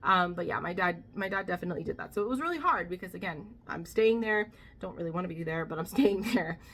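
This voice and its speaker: A woman's voice: on the low side, animated, fast talker, fairly bright tone. A young woman vlogger casually telling a personal story, candid and full of fillers. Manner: candid, many fillers, quotes others in her own voice.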